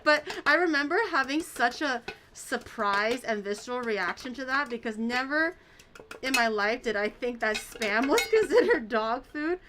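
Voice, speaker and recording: A woman's voice: fairly high pitch, lively intonation, moderate pace, background noise. A woman hosting a baking video, chatting casually and rambling through stories with the odd swear. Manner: rambling storyteller, swears casually, many fillers. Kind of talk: casual chat while baking.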